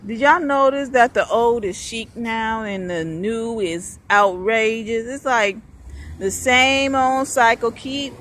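A woman's voice: fairly high pitch, takes it slowly, a bit bright, a little hiss or hum. A woman rambling through a spiritual monologue to camera, wandering and repeating herself, swearing freely along the way. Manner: meandering, repetitive, swears freely. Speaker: vlogger.

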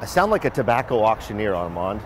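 A man's voice: fairly low pitch, fast, slight background noise. A man hosting a company video show, giving a casual walking tour and joking as he goes, first outside a building and then inside a lobby and shop. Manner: upbeat, joking, loud and lively.

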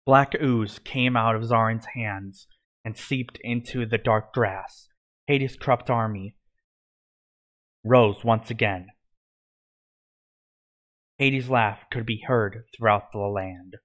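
A man reading his own fan fiction story aloud in a plain, steady storytelling manner. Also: on the low side, slow pace, pauses often.

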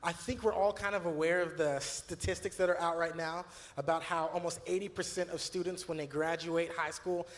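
A man's voice: fairly high pitch, fairly even intonation, brisk, few pauses, long reverb tail. A man, a youth pastor, talking earnestly and telling stories with many fillers and restarts. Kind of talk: church video conversation.

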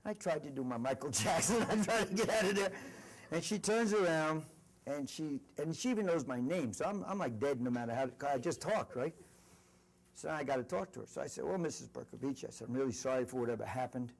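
A man's voice: fairly high pitch, brisk. A middle-aged man, a company executive, giving an earnest motivational speech full of stories at a university event. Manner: storytelling, animated and earnest. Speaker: corporate executive speaker.

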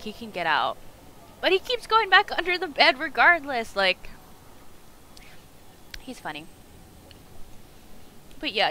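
A woman streaming a video game, chatting casually, gasping, swearing and shouting at the screen. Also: on the high side, a little hiss or hum. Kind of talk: casual live-stream commentary.

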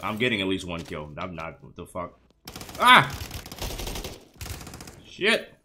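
A man's voice: deep voice, lively intonation, normal speed, bright, forceful tone, slight background noise. A man giving casual, profane gameplay commentary, laughing often. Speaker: gaming streamer.

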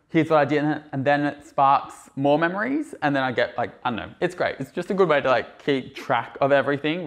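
A man's voice: mid-range voice, a bit bright. A young man giving a bubbly, gushing tour of his small apartment in casual vlog chat, full of "like" fillers, recorded indoors on a handheld camera.

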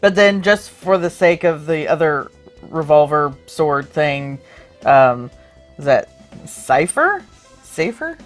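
A woman in her thirties co-hosting a casual chat about thrift and flea market finds, excitable and jokey. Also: low-pitched, takes it slowly, faint music behind. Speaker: co-host.

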